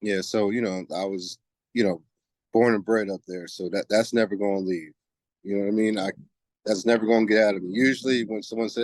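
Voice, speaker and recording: A man's voice: on the low side, fairly even intonation, a little fast, darkish tone, no room sound. A man in his forties from New Jersey, a guest on a podcast, speaking in a laid-back, reflective way and often saying "you know what I mean". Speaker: guest softball player. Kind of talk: casual interview chat.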